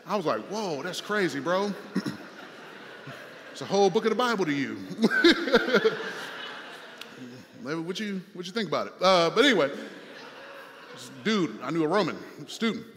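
A man's voice: high-pitched, sing-song, a little slow, pauses often, in a large hall, noisy background. A male pastor preaching a sermon in a conversational style, repeating phrases and using fillers as he talks to his church.

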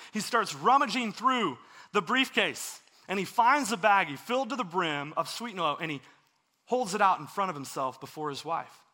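A man delivers a sermon in a high, bright voice. He tells a story in an earnest, conversational manner, as if talking with his congregation. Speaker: preacher.

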